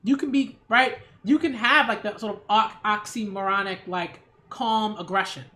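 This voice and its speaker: A woman's voice: mid-range voice, moderate pace, sharp tone. A woman hosting her own channel, giving a casual opinion rant with emphatic, sarcastic delivery and frequent rhetorical "right?" check-ins. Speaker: culture critic and channel host.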